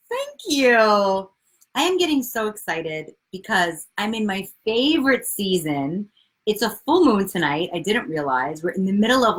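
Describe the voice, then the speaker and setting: A woman in her forties, a coach, hosts a casual live video chat, bubbly and excitable, cursing freely and greeting viewers by name. Her voice sits fairly low.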